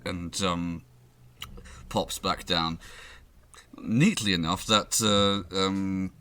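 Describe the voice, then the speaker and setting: A man's voice: low voice, steady tone, extremely slow, pushed and bright, smooth. A man narrating as game master of a tabletop game, rambling with many fillers and laughs.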